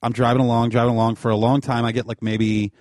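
A man telling a long, rambling story in casual chat, animated and full of fillers. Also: medium pitch, quick pace, no room sound, clean studio sound.

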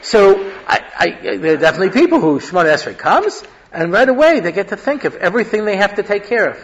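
A man's voice: high-pitched, big pitch swings, fast talker, muffled recording. A man, a rabbi, giving a conversational Torah class, mixing Hebrew phrases into his teaching. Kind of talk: lecture-style Torah class.

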